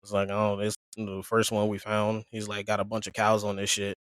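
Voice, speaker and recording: With a somewhat low voice and moderate pace, a man on a podcast spins a casual tale, performing each character's dialogue in slang. The recording is clean studio quality without echo.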